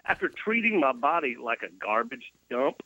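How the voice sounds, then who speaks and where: Laid-back Tennessee man, bright tone, dry close sound, middle-aged. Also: medium pitch, big pitch swings, normal speed, dry recording, muffled recording. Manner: laid-back, laughs easily. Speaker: musician guest. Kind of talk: casual interview chat.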